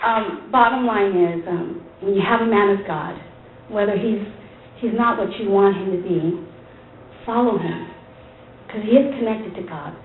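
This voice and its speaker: A woman, a pastor's wife, tells her church testimony to a women's group as an animated story, acting out the dialogue and laughing often. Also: mid-range voice, normal speed, a little hiss or hum. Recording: tinny, phone-like recording in an echoey hall.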